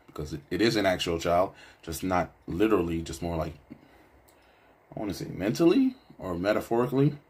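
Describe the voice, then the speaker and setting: Casual commentator, man, husky and fairly low, rambling reflective asides. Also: big pitch swings, a little fast, a little mellow. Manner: reflective, loose, with fillers and asides. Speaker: video essayist.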